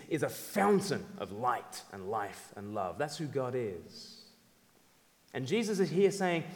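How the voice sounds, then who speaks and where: Animated man preaching in a reverberant hall. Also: mid-range voice. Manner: animated, emphatic, acts out quotes. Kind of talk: sermon.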